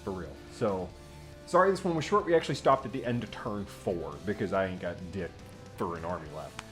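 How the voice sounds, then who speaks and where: Man, quick talker, blunt, offhand, faint music behind. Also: fairly low pitch, animated. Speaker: co-host. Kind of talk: casual tabletop gaming chat.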